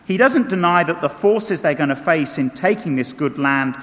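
High-voiced preacher in a reverberant hall. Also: male voice, normal speed. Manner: animated, swings from loud emphasis to hushed low tones. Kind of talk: sermon. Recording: long reverb of a large hall.

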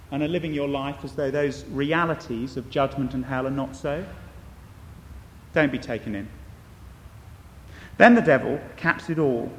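A man's voice: medium pitch, roomy sound, big-room sound. A man preaching a sermon, earnest and emphatic, pressing questions on his listeners.

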